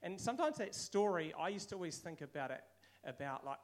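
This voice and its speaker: A man's voice: a little high, lively intonation, a little fast, hardly any pauses. A man with a New Zealand accent giving a casual, conversational sermon, now and then acting out quoted voices. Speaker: preacher.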